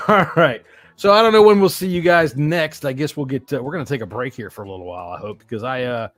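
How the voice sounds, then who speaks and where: A middle-aged man hosts a podcast, joking and swearing in loose banter and laughing between lines. His voice is mid-pitched and the sound is dry and close, with faint music under it. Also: lively intonation, fast talker, a bit bright, no room sound. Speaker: podcast host. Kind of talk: casual chat.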